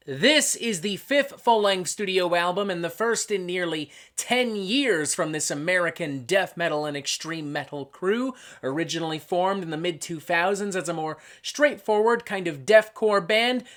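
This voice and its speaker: A male host reviewing a metal album in an animated monologue that is half script and half rant. His voice is bright and cutting. Profanity and sarcastic asides keep breaking into his otherwise structured delivery. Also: sits high.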